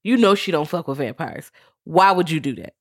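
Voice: medium pitch, expressive, brisk, fairly bright tone, dry recording, studio quality. A podcast co-host in casual chat, recapping a TV series in blunt, slangy talk and quoting the characters.

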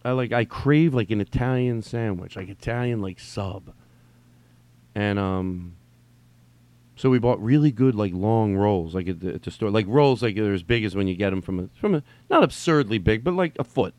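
A man's voice: on the low side, lively intonation, moderate pace, a little mellow, no echo. A man hosting a podcast, talking in a loose, rambling way, swearing now and then and stopping to act out text messages. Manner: rambling, swearing, mimics texts in sing-song voice. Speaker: podcast host. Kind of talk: casual rambling podcast monologue.

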